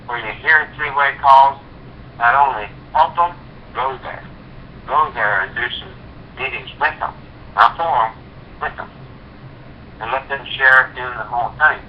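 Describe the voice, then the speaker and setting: A man leading a sales team, giving a folksy motivational talk with homespun stories. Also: medium pitch. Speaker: network marketing leader. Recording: dull lo-fi recording with faint hiss.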